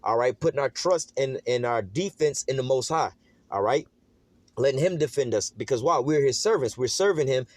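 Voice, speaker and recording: A man preaching an informal sermon in a casual, streetwise way, slowing down to read scripture aloud. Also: medium pitch, animated, no room sound. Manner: casual and streetwise, calling listeners "man" and asking "all right?".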